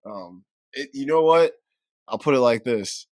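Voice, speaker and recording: Man, podcast co-host, casual film chat, animated, swears often, dry close sound. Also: mid-range voice, measured pace, no echo. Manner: animated, swears a lot, gets loud and excited.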